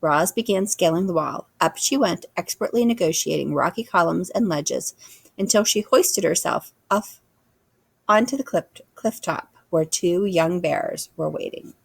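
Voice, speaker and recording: Gravelly low-voiced woman reading a storybook. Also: unhurried, dry recording. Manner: expressive storytelling. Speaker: reader. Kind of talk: children's book read-aloud.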